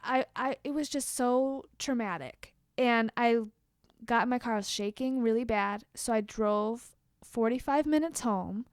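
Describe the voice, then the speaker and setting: A young woman vlogger telling a storytime rant to the camera, candid and expressive, swearing freely and tossing quick asides to her viewers. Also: on the high side, no echo, studio quality.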